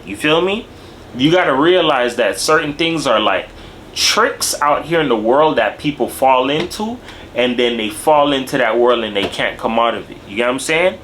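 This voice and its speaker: A young man in casual reaction commentary, talking in animated street slang and tagging his lines with "bro" and "dog". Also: mid-range voice, moderate pace, a little hiss or hum. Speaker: video commentator.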